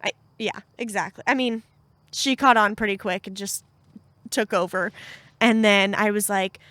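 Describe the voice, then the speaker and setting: A woman co-hosting a podcast, chatting casually and adding quick asides. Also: mid-range voice, steady tone, fairly bright tone, no room sound. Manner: conversational, chatty, asides and laughter. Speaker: podcast co-host. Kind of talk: casual chat.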